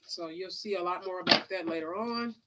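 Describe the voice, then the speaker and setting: A woman's voice: fairly low pitch, brisk, heavy background noise. A woman giving a casual live tarot reading, chatty and drawling, sniffling now and then. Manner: chatty, drawling, calls listeners honey and child. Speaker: tarot reader.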